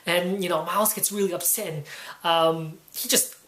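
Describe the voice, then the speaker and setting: A woman's voice: fairly low pitch, steady tone, moderate pace, a bit bright, roomy sound. A woman giving a casual spoken comic book review, rambling and leaning on "you know" and "um".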